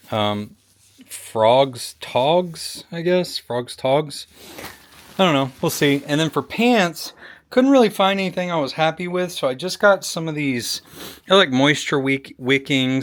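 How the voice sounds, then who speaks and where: A man talking casually to camera in a vlog, rambling and folksy, often saying "y'all". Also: medium pitch. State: out of breath while running. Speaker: vlogger.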